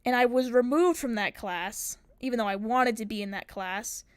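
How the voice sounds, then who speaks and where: A woman's voice: fairly high pitch, normal speed, smooth, no room sound. A young woman streamer telling a long story in casual chat, rambling, swearing and acting out what people said. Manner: swearing, rambling, acts out quotes.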